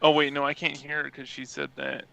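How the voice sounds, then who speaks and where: A man's voice: a little high, completely flat delivery, fairly quick, creaky, bright, forceful tone, a little hiss or hum, poor audio. A man playing a tabletop game, hesitant and full of fillers. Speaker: player. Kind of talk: casual chat in a tabletop game.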